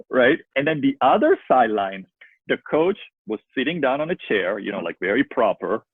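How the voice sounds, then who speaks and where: A man who coaches youth soccer and makes films, telling rambling, animated stories with lots of fillers over a video call. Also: medium pitch, moderate pace, breathy edge, no room sound. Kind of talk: casual storytelling in a video-call interview. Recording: tinny phone-like line, dry.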